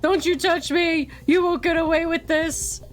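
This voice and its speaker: A woman reading a game aloud, voicing a panicked hostage who shouts defiance at the person trying to rescue them. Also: very high voice, fairly even intonation, measured pace, pitched above the performer's own voice. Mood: defiant.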